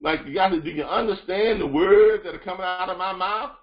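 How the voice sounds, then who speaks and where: A man gives a coaching talk over a call, his fairly high voice leaning on repetition and lively retellings. The sound is muffled and lo-fi. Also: a little fast. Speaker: freight broker trainer. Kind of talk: motivational training call.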